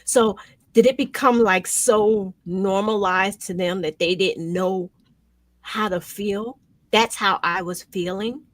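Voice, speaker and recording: A woman hosting a talk show, speaking with raw emotion, her voice swinging between loud outbursts and hushed near-whispers. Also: mid-range voice, slow, no room sound. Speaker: show host. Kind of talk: emotional commentary chat.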